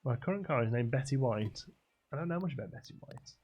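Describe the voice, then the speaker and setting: A man's voice: mid-range voice, expressive, fast, a little mellow, slightly rough, lo-fi sound. A young man streaming a game live, rambling casually as he answers chat messages aloud. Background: faint game music.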